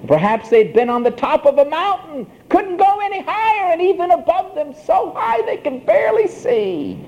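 A man preaching a sermon, emphatic, with a swooping preacher's cadence and slow, drawn-out phrases. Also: very high voice, expressive, creaky, darkish tone, slight background noise, poor audio.

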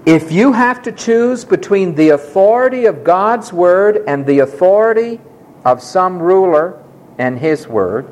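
A man's voice: sits high, animated, measured pace, a little mellow, poor audio. A man preaching to young people, telling a personal story emphatically and acting out the quoted voices. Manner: emphatic, dramatic retelling with acted quotes.

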